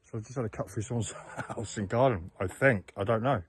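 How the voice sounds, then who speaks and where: A hiker and vlogger from Plymouth in south-west England keeps a casual spoken hiking diary, rambling and halting with many fillers and restarts. His voice is lowish with a breathy edge. He's outdoors on open moorland and in woodland, and the rough camera audio picks up wind noise.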